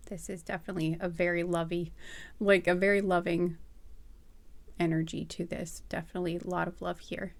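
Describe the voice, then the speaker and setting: A young adult woman giving a casual tarot reading, rambling with many fillers and soft laughs. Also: lowish voice, flat delivery, fairly quick. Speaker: tarot reader.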